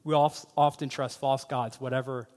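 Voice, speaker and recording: A man's voice: mid-range voice, flat delivery, moderate pace, darkish tone. Man preaching in a reverberant hall. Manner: conversational storytelling, addresses listeners as guys. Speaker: pastor. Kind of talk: sermon.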